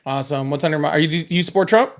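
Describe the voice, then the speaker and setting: A man's voice: fairly high pitch, rapid-fire. A man from the Southern US hosting a casual live call-in chat, laughing, teasing and repeating words. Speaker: livestream host.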